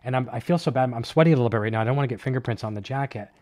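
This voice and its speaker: A man hosting a live online show, chatting casually and excitedly while unboxing, with many fillers and restarts. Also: medium pitch, racing, no room sound. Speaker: host of a live gear show.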